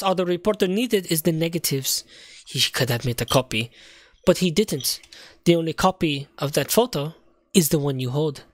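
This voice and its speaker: A man voicing a cold, scheming female director villain in a video game, speaking slowly and menacingly in a lowered voice. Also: a bit bright, no echo.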